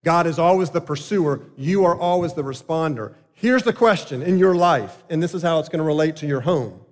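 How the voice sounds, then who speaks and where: A man preaching a sermon as a pastor, earnest and emphatic, with deliberate pauses. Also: fairly high pitch. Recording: long hall reverb.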